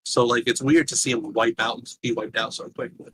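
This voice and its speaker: A man talks through his movie opinions in a loose, rambling way. His voice sits at a mid pitch, with faint noise underneath. He sounds like a regular on the show. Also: steady tone, moderate pace. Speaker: podcast co-host. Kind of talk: casual movie discussion.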